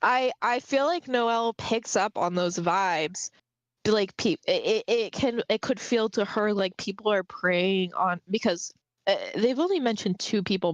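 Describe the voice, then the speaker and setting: A young adult woman co-hosting a casual podcast chat, talking loosely with many fillers and quick bursts. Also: medium pitch, dry recording. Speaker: podcast co-host. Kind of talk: casual discussion of a web serial.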